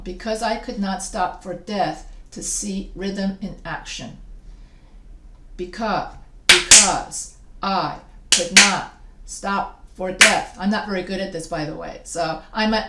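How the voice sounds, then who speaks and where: A woman's voice: mid-range voice, very noisy. A woman giving a recorded lecture as a teacher, casual and self-deprecating, often restarting her sentences. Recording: echoey room.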